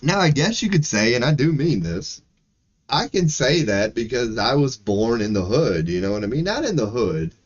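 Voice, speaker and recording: The audio is dull as a medium-pitched man from Maryland rants on his stream at a normal pace. He swears a lot, stays animated, and breaks into laughing asides throughout.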